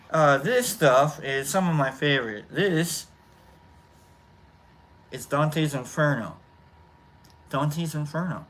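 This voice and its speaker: A man hosting a casual chat show, talking in a rambling, halting way full of fillers and restarts. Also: fairly high pitch, animated, a bit bright. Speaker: host. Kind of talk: casual chat while smoking.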